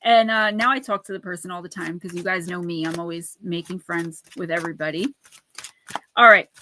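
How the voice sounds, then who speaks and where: A woman who reads oracle cards and writes books chats casually on a livestream, addressing her viewers directly and laughing often as she reads cards aloud. Her voice is lowish, sharp-toned, and fairly quick, with a slight hiss or hum in the audio.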